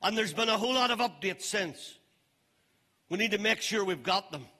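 High-voiced preacher in an echoing hall. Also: male voice, animated, sharp tone. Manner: emphatic preaching with slowed, stressed phrases. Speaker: pastor. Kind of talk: sermon. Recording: long reverb of a large hall.

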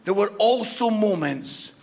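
A man preaching a sermon, telling a funny story in an animated, playful way and talking straight to the congregation. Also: high-pitched, unhurried, vocal fry. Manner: animated, playful, addresses the audience directly. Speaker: guest preacher.

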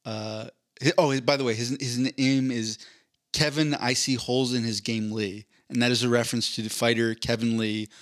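Male podcast host, mid-pitched, casual storytelling, amused and rambling. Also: fairly even intonation, normal speed, a bit bright, no echo, clean studio sound. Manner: amused, rambling, with frequent restarts.

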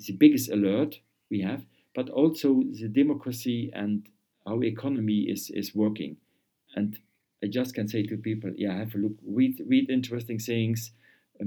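Man, interview guest, halting and repetitive, warm dark tone. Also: on the low side. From Luxembourg. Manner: halting, repeats words while searching for phrasing. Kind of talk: conversational interview.

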